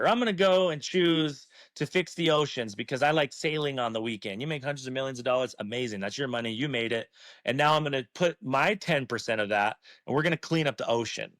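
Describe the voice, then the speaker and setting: A man's voice: mid-range voice, a bit bright, dry recording. A man talking as an interview guest, earnest and emphatic, swearing freely as he makes his case. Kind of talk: passionate casual talk.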